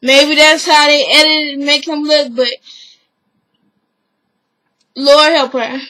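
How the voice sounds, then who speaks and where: A woman's voice: sits high, little pitch movement, slow pace, sharp tone, low-quality recording. A woman vlogger giving a chatty, opinionated, gossipy recap of a TV show, full of fillers.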